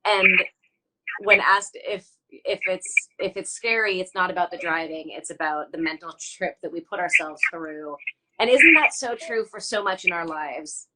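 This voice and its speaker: A woman's voice: fairly low pitch, normal speed, sharp tone, a little hiss or hum, rough recording. A woman hosting an interview over a video call, reflecting on and affirming what her guest says. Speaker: podcast host. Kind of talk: casual interview chat.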